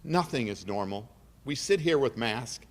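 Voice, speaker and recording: A man's voice: mid-range voice, lively intonation, a little slow. A middle-aged man giving an emotional, earnest keynote speech at an awards dinner, repeating phrases for emphasis. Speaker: keynote speaker. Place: large banquet hall. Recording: reverberant banquet hall.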